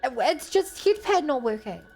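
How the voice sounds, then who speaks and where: Young woman streamer with a bright voice. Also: high-pitched, sing-song, normal speed, faint music behind. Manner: frustrated, talks to chat. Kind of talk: live game stream, reading and chatting.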